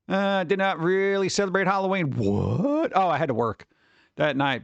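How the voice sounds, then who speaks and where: Male streamer, rambling chat voice, very lively and up high. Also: moderate pace, vocal fry, no echo. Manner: rambling and animated, reads chat aloud. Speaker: live streamer chatting with viewers.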